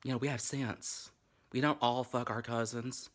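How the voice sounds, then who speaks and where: A man with a Southern US accent and a husky voice, rambling sassily and a little tipsy in a casual vlog from his bedroom. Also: medium pitch, fairly even intonation, normal speed. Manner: sassy, rambling, profane, frequent laughs. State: slightly tipsy. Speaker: vlogger hosting a drinking game.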